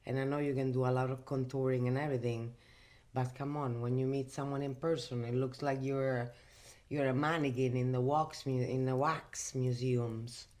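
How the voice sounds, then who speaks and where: A woman's voice: a bass voice, fairly even intonation, moderate pace, a little mellow. A woman from Italy with an Italian accent, chatting casually in a makeup vlog from her bedroom, emphatic and full of fillers. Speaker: host.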